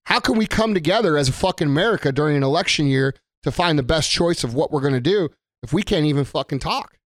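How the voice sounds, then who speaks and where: A man's voice: fairly high pitch, animated, quick pace, dry recording, clean studio sound. A man giving an angry, blunt rant to camera, swearing heavily and repeating himself for emphasis. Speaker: business owner. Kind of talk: profane political rant to camera.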